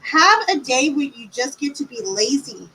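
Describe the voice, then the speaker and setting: A woman's voice: sits high, sing-song, moderate pace, pushed and bright, a little hiss or hum, low-quality recording. A middle-aged woman giving live tarot readings on a stream, chatty and reassuring as she talks to viewers. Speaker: tarot reader.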